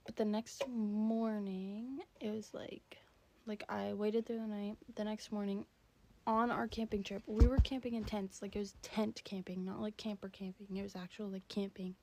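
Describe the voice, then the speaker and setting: A woman's voice: medium pitch, little pitch movement, moderate pace, background noise. A woman of about twenty, a stay-at-home mom, telling a casual storytime in a giggly, chatty way full of fillers.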